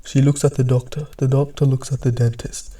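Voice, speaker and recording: A young man casually narrating a second-person storytime, often dropping into hushed, half-whispered asides. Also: mid-range voice, level tone, brisk.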